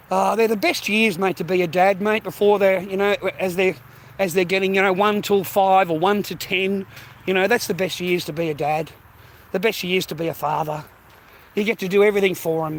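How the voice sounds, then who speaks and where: A middle-aged Australian man chatting and swearing on a casual vlog while walking, calling viewers mate and bro. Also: high voice. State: out of breath carrying a heavy bag. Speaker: vlogger. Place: outdoors walking in street. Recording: faint traffic noise outdoors.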